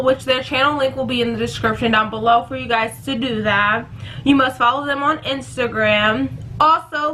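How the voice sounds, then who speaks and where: Chatty young woman vlogger, bright voice. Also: high voice, a little hiss or hum, rough recording. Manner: chatty, rambling, self-correcting. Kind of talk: casual giveaway vlog.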